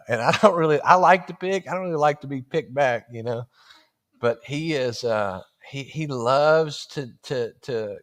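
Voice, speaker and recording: A man preaching in a folksy, humorous storytelling style, laughing through his stories. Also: mid-range voice. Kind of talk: storytelling sermon.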